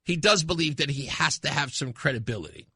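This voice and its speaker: A man hosting a talk radio show, giving emphatic, impassioned commentary that swings from loud to hushed. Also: on the high side, a little fast, slightly rough, dry recording, clean studio sound.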